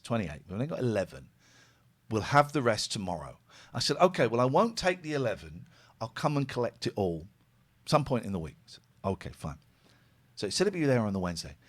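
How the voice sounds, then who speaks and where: A middle-aged man, chatting as a phone-in host. His pitch swings widely as he tells a story and plays out both sides of each back-and-forth. He sounds relaxed and unscripted. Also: a little fast. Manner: animated storytelling, acting out both sides of exchanges. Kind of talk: casual chat.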